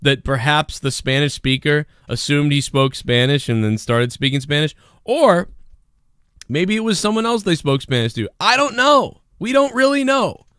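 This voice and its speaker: A man riffs loosely on a video as host, swearing often and rambling. His pitch swings widely from phrase to phrase, and the sound is dry and close. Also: expressive, normal speed, clean tone, no room sound. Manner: rambling, swears a lot, mocking shouted impressions. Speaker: show host reacting to a video. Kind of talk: casual profane commentary.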